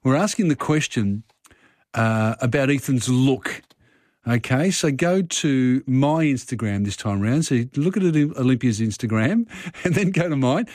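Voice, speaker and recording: A man's voice: medium pitch, a little mellow, dry recording, clean studio sound. A man hosting a radio show, easygoing and chatty with lots of fillers. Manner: easygoing, friendly banter with many fillers. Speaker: radio host. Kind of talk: casual radio talk. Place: radio studio. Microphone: studio mic.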